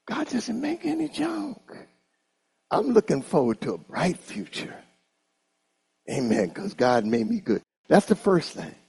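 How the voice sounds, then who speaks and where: A man preaching a sermon in an animated style, calling on the congregation to repeat after him. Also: mid-range voice, vocal fry, husky. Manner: animated, call-and-response with congregation.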